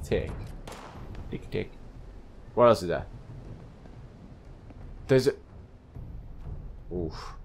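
A gaming channel host with a lowish voice gives live commentary on his gameplay, talking to himself in a flustered way and repeating phrases as he plays. There is slight background noise.

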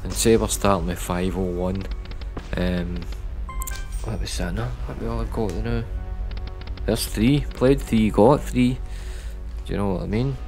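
A man giving live commentary on slot machine spins, chatty and prone to repeating words, breaking into loud excited bursts. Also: on the low side, a little slow, pauses often, music in the background. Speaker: online slots streamer.

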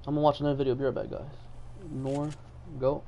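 A man's voice: medium pitch, monotone, fast talker, dull audio, a little hiss or hum. A young man from Texas live-streaming a game, chatting casually and joking while reading viewer messages aloud. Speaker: gaming streamer.

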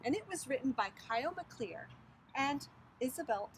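Woman reading a storybook with lively melody. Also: high voice, normal speed, slight background noise, rough recording. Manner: expressive storytelling. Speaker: preschool teacher. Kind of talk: reading a picture book aloud. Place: outdoors on a bridge over a creek.

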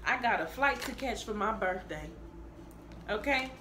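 A woman giving a casual tarot reading, blunt and profane, talking in an animated way. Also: mid-range voice, measured pace, slight background noise. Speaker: tarot reader. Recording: echoey room with faint ambience.

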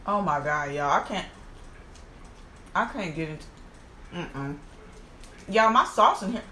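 Woman, mukbang host, lively swooping voice, bright tone, echoey room, faint hiss. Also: fairly low pitch, a little slow. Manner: animated, exclaiming, addresses viewers as y'all. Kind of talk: casual eating vlog.

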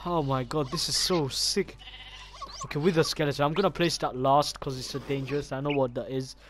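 A man giving casual gameplay commentary as a gaming YouTuber, excitable and swearing often as he reacts aloud to what he sees. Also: a little high, brisk, slight background noise. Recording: game music clearly behind the voice.

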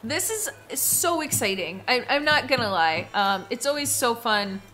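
A woman hosting a casual live stream while gaming, gushing and excitable, with squealing bursts. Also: fairly high pitch, normal speed, faint music behind. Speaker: streamer host.

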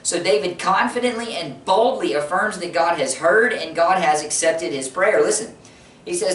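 A man's voice: sits high, normal speed, a bit bright, roomy sound, distant mic. A man preaching a sermon in an earnest way, repeating key phrases for emphasis. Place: church sanctuary.

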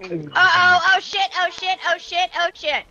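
A woman streaming a game with friends, chatting casually and swearing in excited outbursts. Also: very high voice, a little slow, gravelly, highs cut off, faint music behind. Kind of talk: casual gaming chat.

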